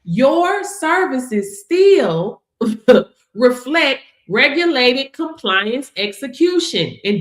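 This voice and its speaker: A woman's voice: high-pitched, reverberant. A woman coaching her audience in a sassy, emphatic, casual way, laughing often and calling listeners baby. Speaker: business coach. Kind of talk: casual motivational talk to camera.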